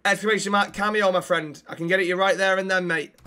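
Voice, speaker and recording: A man with a high, forceful, bright voice, streaming a police role-play. He talks loudly and cheekily, swears often, and keeps up banter with his chat. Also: fairly even intonation, fast. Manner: loud, cheeky, swears a lot. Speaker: streamer playing a police officer.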